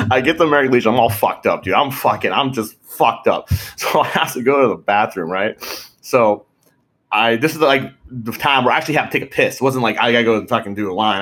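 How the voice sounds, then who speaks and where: A man's voice: medium pitch, fairly bright tone, breathy edge. Casual male podcast co-host, rambling storyteller, profane, laughs often. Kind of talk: casual chat.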